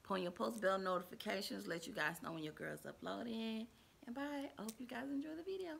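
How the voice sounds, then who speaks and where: A woman vlogger tells a personal story to her viewers. Her voice is bright and forceful, and her delivery is dramatic and animated, jumping from loud outbursts to low, hushed asides. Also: a little fast, vocal fry, a little hiss or hum. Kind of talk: storytime vlog.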